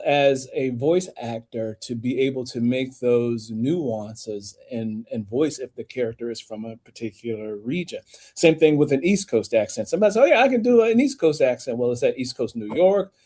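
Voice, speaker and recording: A man, an author and audiobook narrator, speaking as a podcast interview guest, animated, with emphatic rises in pitch when he makes a point. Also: a little slow. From United States.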